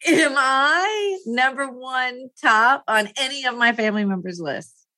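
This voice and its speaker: A woman's voice: sits high, expressive, unhurried, pushed and bright, no room sound. A woman in her fifties talking through a personal topic in a candid monologue. She rambles, laughs often and trails off to restart her thoughts.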